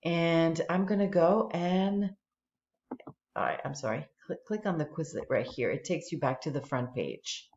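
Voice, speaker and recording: A woman's voice: deep voice, measured pace, darkish tone, a little hiss or hum. A woman French teacher walking students through an online flashcard tool step by step, patient and explanatory. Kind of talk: screen-recorded tutorial walkthrough. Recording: echoey room, dull lo-fi sound.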